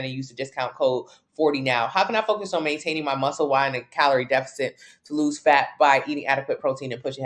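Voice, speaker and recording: A woman fitness coach, answering viewers' questions on a casual livestream in a blunt, brash, jokey way. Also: low-pitched.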